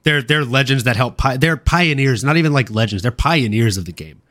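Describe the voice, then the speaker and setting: Excitable man hosting a podcast. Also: medium pitch, brisk. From Louisiana. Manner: excitable, swears freely, laughs often. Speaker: podcast host. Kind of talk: casual livestream chat.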